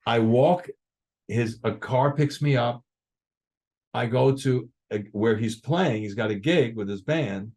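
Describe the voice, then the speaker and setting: The voice is mid-range and slow, belonging to an older man appearing as a guest drummer in an informal interview. He tells stories animatedly, taking on other people's lines in his retellings.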